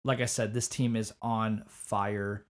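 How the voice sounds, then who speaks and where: A man hosting a football podcast in casual chat, animated and often repeating words as he starts a point. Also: on the low side, takes it slowly. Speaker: podcast host.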